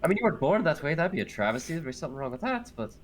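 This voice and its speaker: Rapid-fire and lightly acted, with big pitch swings around a medium pitch, a game master voices a teasing, motherly woman cook in a fake Scottish accent. Crowd noise sits behind this tabletop role-play as he rambles chattily, with lots of fillers and self-corrections.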